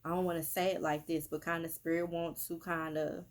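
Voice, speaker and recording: Low-voiced woman medium, emphatic. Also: little pitch movement, fairly quick. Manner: emphatic, repetitive, with many fillers. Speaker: spiritual medium. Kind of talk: casual social media monologue.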